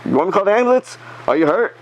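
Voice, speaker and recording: A man telling a story in a casual podcast chat, animated, swearing and acting out the quotes. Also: sits high, racing, poor audio. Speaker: podcast guest.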